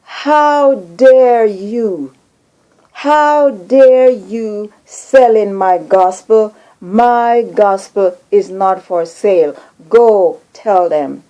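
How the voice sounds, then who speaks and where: A woman's voice: medium pitch, mellow, highs cut off, lightly acted. Jesus, stern and thunderous, as a woman quotes him. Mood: angry, stern. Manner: slow, stern, emphatic. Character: angry man rebuking, thunderous voice.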